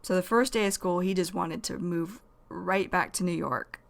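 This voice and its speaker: A woman teaching English vocabulary in a slow, careful lesson, repeating each key phrase. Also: fairly low pitch, gravelly.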